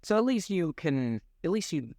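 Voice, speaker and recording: A young man chats casually as a podcast co-host, his fairly high voice swinging widely in pitch as he jokes and laughs. The sound is dry and close to the mic. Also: big pitch swings, normal speed, darkish tone, no room sound. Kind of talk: casual chat.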